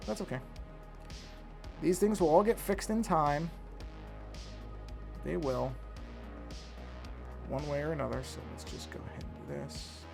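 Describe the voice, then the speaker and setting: Working on a digital drawing during a stream, a man talks in a medium-pitched, darkish voice with vocal fry. He rambles casually, thinks aloud, keeps correcting himself and apologizes for yawning.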